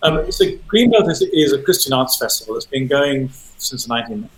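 A man's voice: mid-range voice, lively intonation, normal speed, reverberant, poor audio. An older man in casual chat, hesitant and repeating words, with wry asides. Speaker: panelist. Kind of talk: conversational commentary.

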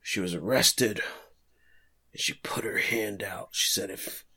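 A man voicing an arrogant, disgraced male prosecutor as he confesses, in a low, muttered tone. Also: unhurried, pushed and bright, slightly rough, full character voice. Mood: bitter.

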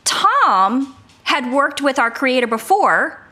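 Bright-voiced woman telling stories. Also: high-pitched, slow. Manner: animated, storytelling with laughs. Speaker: voice actor guest. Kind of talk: casual interview chat.

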